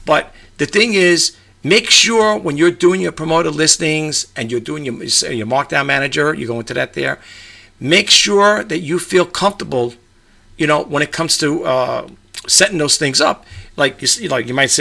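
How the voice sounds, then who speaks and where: A middle-aged New Yorker vlogs to camera about reselling from a room in his home with a grandfather clock. His fairly high voice is gravelly, pushed and bright, animated at a moderate pace, and he rambles with lots of fillers and restarts.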